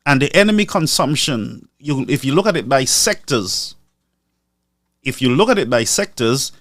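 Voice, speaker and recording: A man's voice: mid-range voice, very animated, moderate pace, fairly bright tone, dry recording, clean studio sound. A man from Lucia, giving commentary on a live stream and repeating figures for emphasis. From Saint Lucia.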